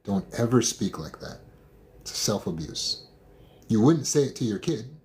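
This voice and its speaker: Blunt, emphatic man with a lowish voice. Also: big pitch swings, unhurried, darkish tone. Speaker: trauma recovery coach. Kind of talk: motivational talk.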